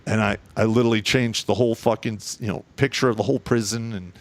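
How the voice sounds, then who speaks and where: A middle-aged guest tells war stories from his army years during a casual chat, and he's blunt, profane and animated about it. He has a lowish voice and talks fast.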